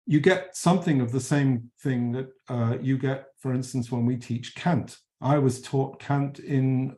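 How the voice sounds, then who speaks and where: Mellow-voiced man lecturing on philosophy. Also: mid-range voice. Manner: measured, emphatic, with frequent fillers and self-corrections.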